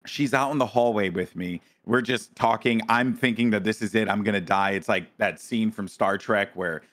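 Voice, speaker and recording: A man co-hosting a podcast, telling a story in a dramatic, animated way with frequent restarts and casual swearing. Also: fairly low pitch, normal speed. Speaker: podcast co-host.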